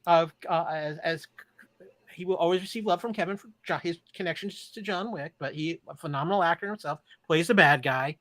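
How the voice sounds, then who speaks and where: Playfully sarcastic man with a bright voice. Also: fairly high pitch, brisk, no room sound. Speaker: podcast co-host. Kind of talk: casual chat reviewing movies.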